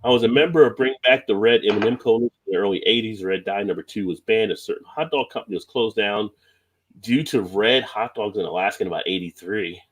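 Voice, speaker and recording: A man's voice: fairly low pitch, fast, husky. A man hosting a casual beer live stream, reading viewer comments aloud and laughing often. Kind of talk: casual chat.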